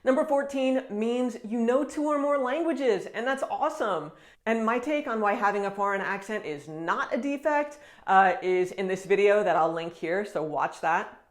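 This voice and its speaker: An American woman talking casually to camera as a vlogger, chatty and animated, with frequent quick laughs. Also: mid-range voice. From United States.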